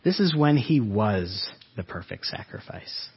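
A man preaching an earnest Easter-season sermon to his congregation, his voice swelling and then dropping soft. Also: lowish voice, very animated, a little slow, vocal fry, husky, lo-fi sound. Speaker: pastor.

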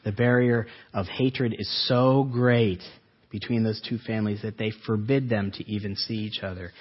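A man preaching a sermon as a pastor, earnest, asking the listeners rhetorical questions and slowing down for emphasis. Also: medium pitch, breathy edge, dull audio.

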